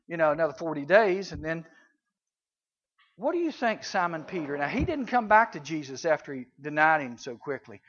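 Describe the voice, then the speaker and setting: A youth preacher speaks conversationally to a room of junior high kids, his voice rising loud and then falling to a hush. His pitch is high for a man, and the recording sounds dull and lo-fi.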